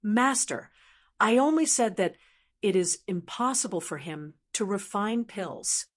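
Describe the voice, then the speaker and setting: A woman's voice: medium pitch, expressive, measured pace. A woman reading as an arrogant elder losing a duel. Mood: nervous. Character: arrogant male elder cultivator, frightened and defeated.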